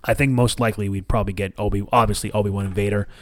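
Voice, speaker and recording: A man's voice: fairly low pitch, steady tone, very fast. A man hosting a podcast in casual chat. He tells stories with energy, swears freely, and acts out quotes from the people he talks about. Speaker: podcast host.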